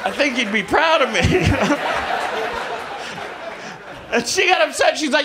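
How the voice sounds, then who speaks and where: A man doing a stand-up comedy set, telling stories in a halting, awkward way with deadpan self-mockery. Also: very high voice, over a noisy crowd, very noisy. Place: comedy club stage with audience laughter.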